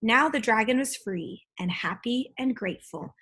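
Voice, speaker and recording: A woman reading a children's book aloud, with steady, expressive storytelling. Her voice is on the high side and noticeably breathy. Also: normal speed. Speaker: storybook reader.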